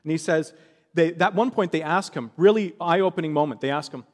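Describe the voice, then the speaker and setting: A man's voice: on the high side, brisk, big-room sound. A man preaching a sermon, telling a story with animation and acting out the voices of the people in it.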